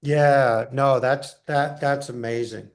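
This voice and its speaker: A man's voice: medium pitch, steady tone, slow pace. A man hosting a podcast, asking his guest polite, easygoing questions. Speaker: podcast host. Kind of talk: interviewing a guest.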